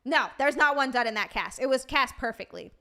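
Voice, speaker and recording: A woman's voice: high voice, lively intonation, fairly quick, sharp tone. A young woman streamer chatting casually, swearing freely and answering her live chat.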